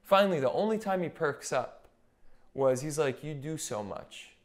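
A man's voice: a little high, normal speed. A young man, a podcast guest who works as a nurse anesthetist, telling stories in casual chat and acting out what others said. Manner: animated storyteller who quotes what others said.

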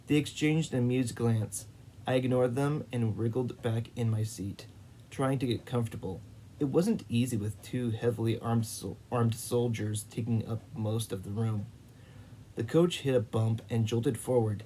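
Mellow male audiobook reader. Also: mid-range voice, steady tone, a little slow, a little hiss or hum, low-quality recording. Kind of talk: reading a novel aloud.

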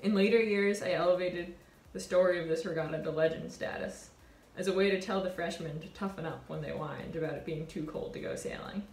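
A woman in her twenties, a college sailor, telling a reflective personal story in an earnest, warm way. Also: on the low side, a little fast, hardly any pauses, echoey room. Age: 20s. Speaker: college sailor and award winner.

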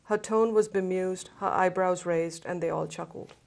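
A woman from India, a novelist, reading a passage of her fiction aloud with lively expression. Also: lowish voice, moderate pace, creaky. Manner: hesitant intro, then lively expressive reading.

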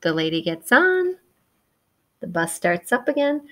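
A woman reading a picture book aloud to young children, gentle and encouraging, chatting about the pictures and imitating the story's sounds. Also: on the low side, very animated, unhurried. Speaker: children's read-aloud presenter.

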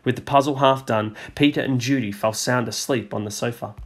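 A man teacher reading a storybook aloud to a class, measured and expressive. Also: medium pitch.

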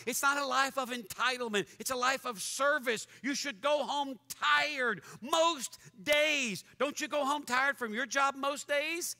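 A man preaching as pastor, animated and mock-angry, joking with his congregation in a church. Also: very high voice, unhurried, hardly any pauses. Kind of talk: fiery sermon. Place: church sanctuary. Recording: long church hall reverb.

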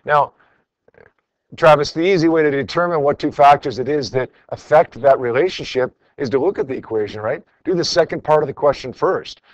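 A man's voice: on the high side, brisk, no room sound, highs cut off. A man teaching a classroom lesson, going over homework in a conversational way and calling on students by name.

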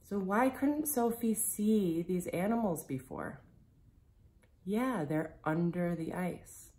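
A woman reading a picture book aloud to children, gently explaining as she goes and asking them questions. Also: fairly low pitch, animated. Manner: gentle, slow storytelling, speaking directly to children.

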